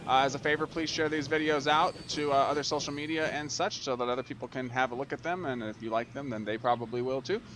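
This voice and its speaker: An excitable man narrating his own gameplay, gushing over the scenery and laughing as he goes. His voice sits at an ordinary middle pitch. A steady background noise runs under the recording. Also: fast, few pauses. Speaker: let's play host. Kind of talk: gameplay commentary.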